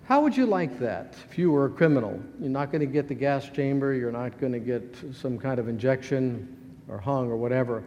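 A man's voice: medium pitch, animated, a little mellow, highs cut off. Preaching man in a reverberant church. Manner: earnest preaching with pauses and rising emphasis, then prayer. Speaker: pastor. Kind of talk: sermon. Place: church sanctuary. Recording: long hall reverb, faint noise.

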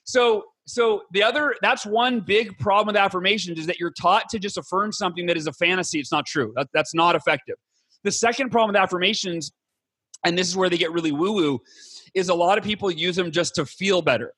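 Male guest, energetic explainer, high bright voice. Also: husky, no echo. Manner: enthusiastic, rapid, animated with mock voices. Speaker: podcast guest, author. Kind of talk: energetic interview talk.

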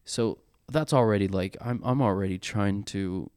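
Man, 30s, worship leader type; candid and halting, lowish voice, dry close recording. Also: a little mellow, clean tone, dry recording. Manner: earnest, halting with frequent restarts. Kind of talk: candid conversational storytelling.

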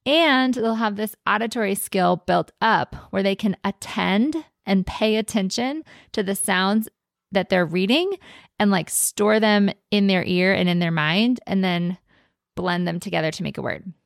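A woman's voice: mid-range voice, a little slow, creaky, no room sound, studio quality. A woman hosting a podcast, explaining in a casual teaching tone and stretching out words for emphasis. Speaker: podcast host.

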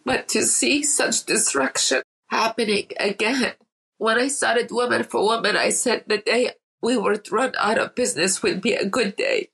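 A woman's voice: on the high side, moderate pace, creaky, fairly bright tone, breathy edge, low-quality recording. A woman from Iraq, an interview guest telling emotional stories and repeating words for emphasis. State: emotional, near tears. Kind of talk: emotional storytelling in conversation.

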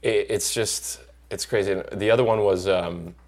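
A middle-aged actor in casual chat, telling lively stories and acting out the people he quotes. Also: on the low side, moderate pace. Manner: animated storyteller acting out quoted voices. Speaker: actor guest.

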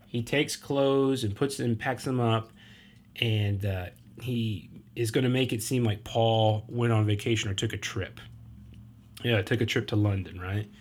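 A man's voice: on the low side, fairly even intonation, a little slow, darkish tone. A man hosting a podcast, retelling a film plot in a casual, rambling way with lots of fillers and acted-out quotes. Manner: rambling, many fillers and restarts, acts out quotes. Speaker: podcast host.

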